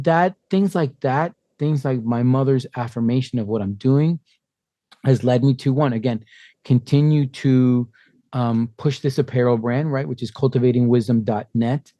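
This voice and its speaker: A man in his fifties, a podcast guest telling stories in a lively way and acting out what other people said. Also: mid-range voice, no echo. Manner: animated storyteller who acts out quoted voices. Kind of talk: conversational interview.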